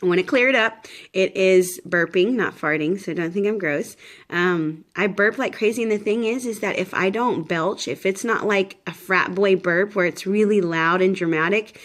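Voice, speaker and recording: At a moderate pace and mid-range pitch, a thirty-something woman talks loosely to her camera for a pregnancy update vlog. Her speech wanders with frequent fillers and restarts, and she comes across as worn out and a bit shaky.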